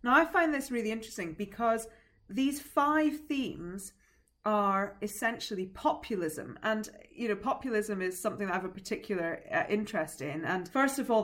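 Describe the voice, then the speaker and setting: A woman, a politics teacher, explaining the issues calmly and at length on a podcast, now and then laughing. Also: mid-range voice. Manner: explanatory, measured, occasional laughs. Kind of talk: analytical podcast discussion.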